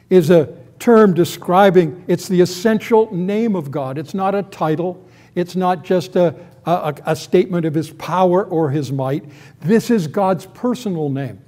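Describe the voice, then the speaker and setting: An older man preaching an expository sermon, slow and deliberate, stressing key phrases with emphasis. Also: a little high, warm tone.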